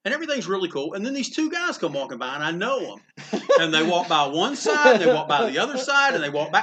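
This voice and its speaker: A man's voice: high-pitched, very animated, fairly quick, bright, forceful tone. A man who owns a comic book store, telling anecdotes in a rambling, casual way with frequent restarts and some swearing. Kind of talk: anecdotal storytelling in a conversation.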